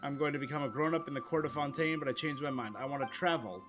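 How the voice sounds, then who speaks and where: A man's voice: mid-range voice, fast talker. A young man streaming a game, reading its dialogue aloud and putting on character voices, with playful asides. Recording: game music faintly behind.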